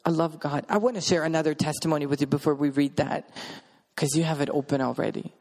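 A man's voice: a little high, fairly even intonation, fast talker, darkish tone. A man preaching a sermon and telling a testimony, emphatic, repeating his words and asking the audience questions.

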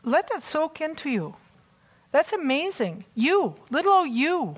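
Chatty, excitable woman preacher. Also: high voice, a little slow. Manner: chatty and excitable, with self-mocking asides. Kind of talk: conversational sermon.

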